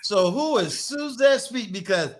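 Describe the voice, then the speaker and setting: An older man hosting a live-streamed talk show, emphatic, booming out introductions and shout-outs. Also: lively intonation, a little slow. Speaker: host.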